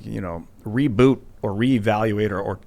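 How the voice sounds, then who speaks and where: Low-voiced man thinking aloud. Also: moderate pace, creaky, darkish tone. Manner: thinking aloud, searching for words. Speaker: podcast co-host. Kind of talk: casual political chat.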